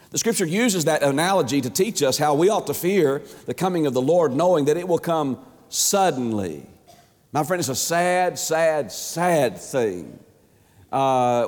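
A man preaching an emphatic sermon as a pastor, stretching words and swinging his pitch up and down. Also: a little mellow. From Georgia, USA. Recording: long hall reverb.

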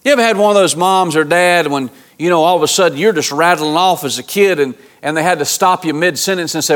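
A pastor preaching to his congregation, his man's voice sitting notably high. He talks in a plain, colloquial way, addressing the listeners directly. His earnest delivery keeps doubling back on words and restarting phrases as he presses each point. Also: fast talker, hardly any pauses, fairly bright tone. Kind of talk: sermon.

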